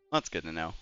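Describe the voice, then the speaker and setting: A young man with a low-pitched but bright, forceful voice, rambling casually to his stream viewers with lots of fillers and self-deprecating asides. The audio is slightly muffled, with faint game music underneath. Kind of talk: casual live-stream chat.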